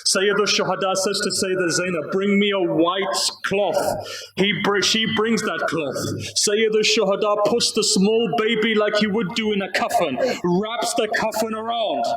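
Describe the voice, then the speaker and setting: Man reciting a slow mournful sermon. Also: high-pitched, fairly bright tone. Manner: slow, grieving storytelling delivery. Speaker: Muharram speaker at a mosque. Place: mosque prayer hall. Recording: echoey mosque hall.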